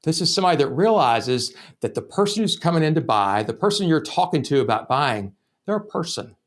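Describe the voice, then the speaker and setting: A man's voice: a little high, sing-song, a little fast. Casual, cursing male sales trainer. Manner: casual, profane, anecdotal. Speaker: sales trainer and podcast host. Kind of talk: storytelling lesson.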